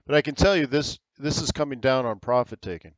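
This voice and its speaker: A man's voice: mid-range voice, fairly quick, dry recording, highs cut off. An American man hosting a live trading webinar, giving casual, rambling market commentary with frequent fillers.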